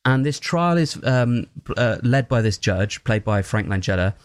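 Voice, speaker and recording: A man who is not American, giving an animated, opinionated film review in casual chat, with many fillers and restarts. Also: medium pitch, moderate pace, clean tone, no room sound, clean studio sound.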